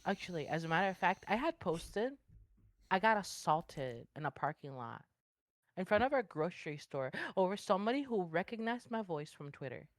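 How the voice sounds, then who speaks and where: A woman guest talking emphatically in a casual interview, tossing in slang like bro. Her voice sits fairly low for a woman and sounds dry and close, with no room around it. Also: lively intonation, moderate pace, no room sound. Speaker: guest, online streamer.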